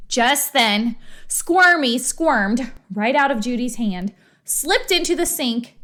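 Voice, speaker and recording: A woman reads a children's book aloud, telling the story in an expressive, animated way. Her voice is fairly high and her pace slow.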